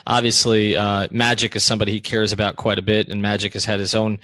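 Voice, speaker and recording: A male podcast host and sports writer giving background and asking interview questions in a measured, explanatory way. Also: fairly low pitch, level tone, a bit bright, no room sound. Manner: measured, explanatory, with frequent "uh" fillers.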